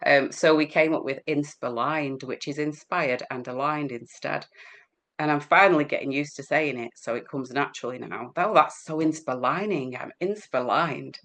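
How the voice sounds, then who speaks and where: A woman's voice: sits low, fairly even intonation, normal speed, fairly bright tone. A middle-aged English woman chatting as an interview guest, rambling and laughing often. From England. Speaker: guest healer. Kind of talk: casual chat.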